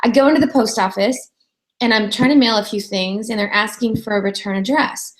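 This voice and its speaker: Chatty woman host, a bit high. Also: fairly even intonation, brisk, rough recording. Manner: chatty storyteller, acts out quoted voices. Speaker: radio show host. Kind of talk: casual interview chat.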